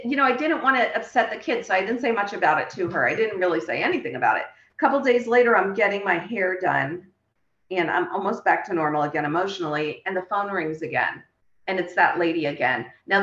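A woman's voice: lowish voice, a bit bright. A woman, a guest in an interview, telling a personal story with feeling and acting out the dialogue. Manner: emotional, reenacts dialogue while telling the story. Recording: roomy, slightly dull sound.

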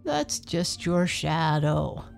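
A woman voicing a friendly, kind young monster in a storybook reading, with warm, coaxing invitations. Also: low-pitched, sing-song, very slow, creaky, faint music behind, exaggerated voice.

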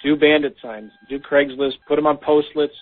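Heard over a phone line, a podcast co-host with a fairly high pitch speaks at a moderate pace with fairly even intonation. He gives practical advice in a casual business discussion, often filling pauses with "um."

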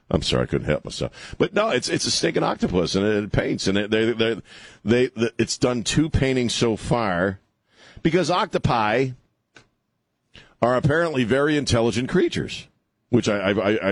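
Sarcastic low-voiced talk radio host. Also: male voice, no room sound. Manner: sarcastic, rambling, chuckling. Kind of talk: casual talk radio banter. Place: radio studio. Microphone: studio microphone.

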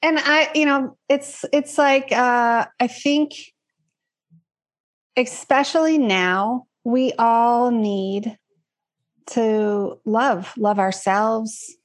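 Guest, woman; warm-hearted earnest talker, wandering phrasing. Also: fairly high pitch, very slow. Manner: earnest, reflective, rambling with fillers. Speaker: guest, card deck creator. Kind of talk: casual interview chat.

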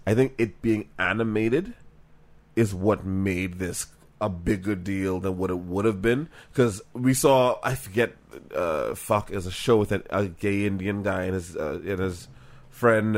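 Deep-voiced rambling man from the Bahamas. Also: moderate pace. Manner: rambling, profane, thinking aloud. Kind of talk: casual chat.

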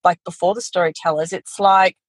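Woman, guest storyteller, animated, laughs a lot, dry close sound. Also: lowish voice, brisk, husky, dry recording, poor audio. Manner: animated storytelling, quotes family in voices, laughs often. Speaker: guest, photography educator. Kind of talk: casual interview chat.

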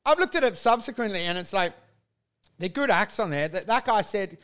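An Australian man, a stand-up comedian, rattles through crude, animated stories in a relaxed podcast chat. His voice sits high for a man. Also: brisk, clear, resonant tone. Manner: profane, animated storytelling.

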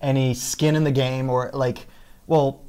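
A man's voice: medium pitch, little pitch movement, a little slow, warm tone, clear, resonant tone. Guy on a podcast, open and thoughtful, restarts his sentences a lot. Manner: candid, reflective, repeats words when starting. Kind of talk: casual chat.

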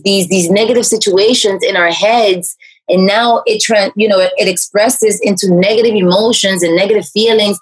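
A woman, a life coach, telling her personal story in an interview, animated and full of fillers and restarts. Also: poor audio. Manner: animated storyteller, raises pitch to act out quoted speech.

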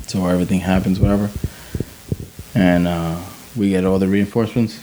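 A man in his forties, an army veteran guest telling war stories in a casual, profane, animated way. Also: low-pitched, fairly quick, a little hiss or hum, poor audio. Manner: profane, animated, acts out sounds and quotes.

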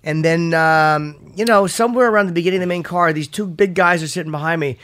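A man's voice: a little high, fast talker, fairly bright tone. A man hosting a podcast in casual chat, joking and swearing as he rambles through a story. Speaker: podcast host.

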